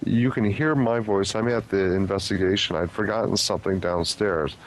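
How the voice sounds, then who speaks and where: A man's voice: fairly low pitch, normal speed, slight background noise, low-quality recording. A man being interviewed as a paranormal investigator, explaining his theories in an earnest, speculative way. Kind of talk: casual podcast interview.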